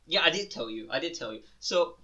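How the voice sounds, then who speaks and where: Young male co-host, bright tone, casual and profane storyteller. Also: on the high side, animated, fairly quick. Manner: swearing, laughing storyteller who imitates voices. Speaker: podcast co-host. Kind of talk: casual chat.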